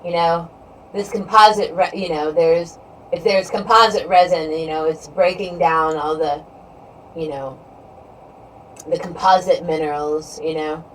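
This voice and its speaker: A woman's voice: deep voice, fairly even intonation, a little slow. Rambling woman streamer chatting with her viewers. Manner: rambling, leans heavily on "you know". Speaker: live streamer. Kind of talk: casual live-stream chat with viewers. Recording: distant mic with faint background noise.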